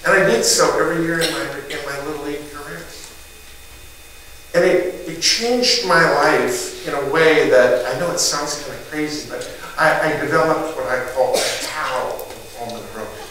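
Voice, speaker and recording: A man's voice: a little high, normal speed. Middle-aged man telling a story in an echoey hall. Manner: animated storyteller acting out neighbors with loud shouted voices. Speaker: motivational speaker. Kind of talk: storytelling keynote speech. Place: event hall in front of a live group. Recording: distant echoey hall recording with noise.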